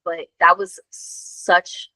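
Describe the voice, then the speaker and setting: A woman co-host tells a story in loose, casual chat. Her voice is bright and the sound is dry and close. She talks in an animated way, with lots of fillers and swearing. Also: on the low side, drawn-out words, dry recording, rough recording. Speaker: podcast co-host.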